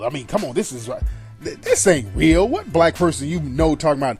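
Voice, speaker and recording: A man's voice: fairly high pitch, sing-song, fairly quick, darkish tone. A man, middle-aged, hosting a radio show and giving a blunt, profane, scornful review of a film in an emphatic monologue. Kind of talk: opinionated monologue. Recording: faint music behind.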